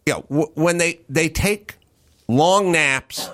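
A man's voice: a little high, slow, fairly bright tone. A man ranting with heavy swearing in casual podcast chat. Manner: profane, ranting.

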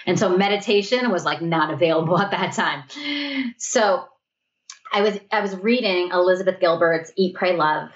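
Woman guest, earnest reflective storyteller, lower voice, slightly muffled audio. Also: moderate pace. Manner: earnest, reflective, often quotes her own thoughts. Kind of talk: candid storytelling in conversation.

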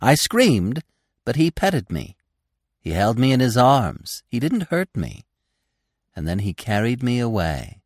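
A man's voice: mid-range voice, big pitch swings, unhurried, dry recording, clean studio sound, voice pushed up. A man voicing a proud, boastful young deer boasting of his winter among people. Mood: storytelling. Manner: boastful, superior.

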